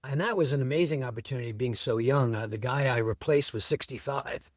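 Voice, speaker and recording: A middle-aged man tells his story as an interview guest, carried along by eager enthusiasm. His voice sits at an average pitch for a man. The sound is dry and close, with no room echo. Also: fairly quick.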